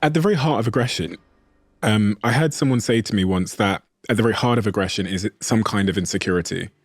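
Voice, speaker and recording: A man hosting a podcast interview, speaking calmly and reflectively. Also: lowish voice, quick pace, slightly rough, no room sound. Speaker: podcast host. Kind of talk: interview conversation.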